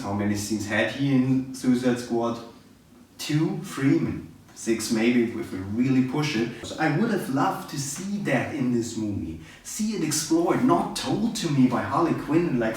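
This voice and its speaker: A man's voice: mid-range voice, a little slow. Guy ranting about a movie, sarcastic and fed up, sounds far from the mic. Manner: sarcastic, exasperated, animated. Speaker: movie reviewer. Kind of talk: casual opinionated rant. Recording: very echoey room, distant mic.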